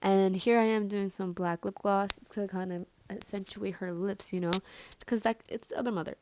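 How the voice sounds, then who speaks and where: A woman's voice: medium pitch, steady tone, normal speed, background noise. A young woman doing a casual makeup vlog in her bedroom, playful and self-mocking, swearing freely. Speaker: makeup vlogger. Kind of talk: casual vlog chat and voiceover. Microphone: camera mic in her room.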